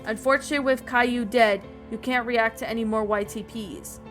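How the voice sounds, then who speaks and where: A woman's voice: a little high, fairly even intonation, a little fast, fairly bright tone, soft background music, lightly acted. A woman reading the lines of a short-tempered, exasperated grown man in an amateur story reading. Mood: resigned. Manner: snappish, exasperated.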